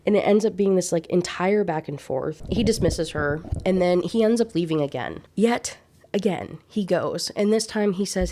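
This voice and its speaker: A woman's voice: medium pitch, moderate pace. A young woman vlogger chattily recapping a classic novel, with lots of casual fillers. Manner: chatty, animated, many "like" fillers. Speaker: book review vlogger.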